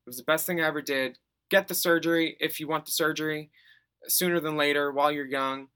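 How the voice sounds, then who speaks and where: A campy podcast co-host, a man with a fairly high, bright and forceful voice. He talks in an animated, giggly, teasing way, hosting casual chat. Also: fast talker, smooth.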